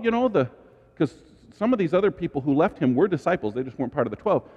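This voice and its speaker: Animated male pastor preaching in a reverberant hall. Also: quick pace, husky, dull audio. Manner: animated, dramatic asides and sudden high exclamations. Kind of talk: sermon.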